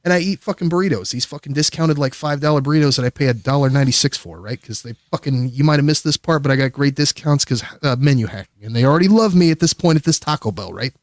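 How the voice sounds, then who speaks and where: A man's voice: on the high side, fast, hardly any pauses, no room sound, studio quality. A man casually telling a long, rambling, profane story as a guest on a livestream. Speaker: streamer guest.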